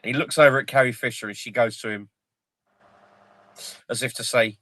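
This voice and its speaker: A mid-pitched man chats casually on a livestream, cursing freely and acting out film scenes as he retells them. His voice sits in the middle of the male range. The sound is dry and close, with no room echo. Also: moderate pace. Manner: sweary, jokey, retells film scenes excitedly. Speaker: livestream host.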